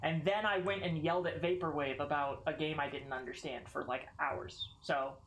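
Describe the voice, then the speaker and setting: A woman's voice: sits low, steady tone, moderate pace, slight background noise. A woman with a Southern American accent streaming a game, chatting casually with viewers, rambling, swearing and laughing often. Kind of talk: casual gameplay stream chat. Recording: echoey room with faint music.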